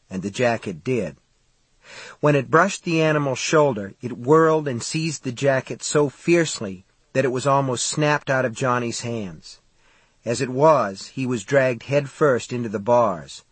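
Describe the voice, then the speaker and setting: A man narrating an audiobook in a steady, measured storytelling voice. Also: medium pitch, husky, dry recording.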